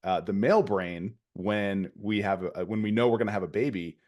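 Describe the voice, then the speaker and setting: A man's voice: fairly low pitch, normal speed, a little mellow. A man talking as a podcast guest, explaining ideas at length in a casual conversation. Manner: explanatory, lecturing tone.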